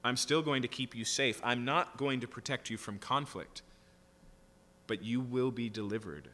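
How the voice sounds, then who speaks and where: A man's voice: medium pitch, normal speed, sharp tone, in a large hall. A man preaching a sermon, reading scripture aloud and explaining it in a conversational way with frequent "right?" asides. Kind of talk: sermon, Bible teaching.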